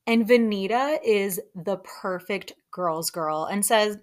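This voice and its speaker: A woman's voice: mid-range voice, slow, few pauses. Chatty woman recapping reality TV. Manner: chatty and animated, acts out quotes in put-on voices. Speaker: podcast host recapping reality TV. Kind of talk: casual chat.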